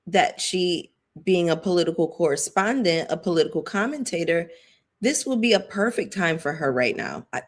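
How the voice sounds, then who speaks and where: A woman with a slightly low voice hosts a casual live-chat stream. She talks loosely, drops fillers and asides, and reads out viewer comments as she goes. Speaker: YouTube commentary host.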